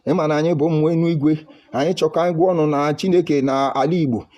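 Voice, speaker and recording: A man's voice: a little high, fairly even intonation, very fast, a little mellow, natural voice. A man mimicking a fiery male preacher who thunders at his congregation with a Nigerian accent. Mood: preaching. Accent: Nigerian English.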